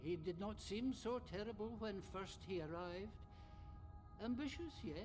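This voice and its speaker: An actor playing an earnest renegade priest who speaks in a formal, solemn, sermon-like way. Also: male voice, high-pitched. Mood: sorrowful. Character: earnest male renegade priest, devout and gentle. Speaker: game character.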